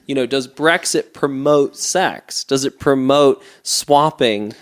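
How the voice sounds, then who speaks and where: A man's voice: medium pitch, slow. A man hosting a casual podcast, pressing his point with repeated "the point is" and frequent laughs. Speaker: podcast host.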